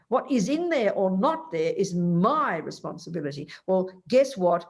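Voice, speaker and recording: A woman teaching as a Buddhist teacher, giving an emphatic, animated dharma talk and acting out the voices she quotes. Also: a little high.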